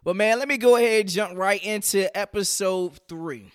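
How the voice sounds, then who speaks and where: Young guy podcasting from his kitchen, kinda high voice, dry close sound, talks loose with lots of "man". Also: moderate pace, clear, resonant tone, no room sound. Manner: chatty, fills with "man" and "you know". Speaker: podcast host. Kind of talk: casual solo podcast. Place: home kitchen.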